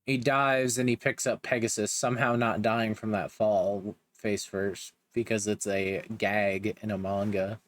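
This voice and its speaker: A man's voice: fairly low pitch, level tone, a little slow, few pauses. A young man giving a casual, joking recap of a manga, with slangy asides. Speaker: manga reviewer.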